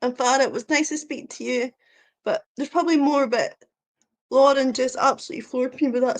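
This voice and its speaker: A middle-aged Scottish woman hosting a casual live stream, chatty and giggly, fumbling with the software as she talks to viewers. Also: sits high, steady tone, a little fast. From Scotland.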